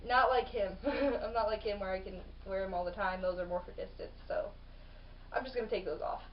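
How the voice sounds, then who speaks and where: A woman reviewing books in a casual vlog, chatty and rambling, full of "like" and gushing with excitement. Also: mid-range voice, a little fast, slight background noise. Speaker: book reviewer. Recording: distant mic, dull lo-fi sound.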